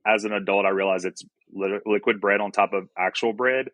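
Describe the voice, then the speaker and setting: A man's voice: on the low side, steady tone, a little fast, fairly bright tone, dry recording. A man from the Southern US, a podcast guest chatting casually and joking about himself. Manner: chatty, self-deprecating, easy laughs. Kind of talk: casual conversation.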